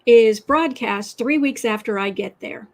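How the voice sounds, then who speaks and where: A woman from West Virginia hosting a tarot and astrology livestream, telling stories in a rambling, animated way with sudden emphatic outbursts. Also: on the high side, measured pace. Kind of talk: casual chat, storytelling.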